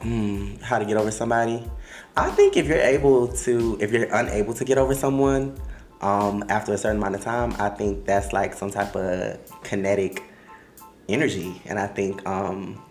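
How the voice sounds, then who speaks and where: A man with a Miami accent hosting a casual chat, blunt, profane and animated, laughing often. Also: on the low side, moderate pace, roomy sound, faint music behind. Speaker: podcast host.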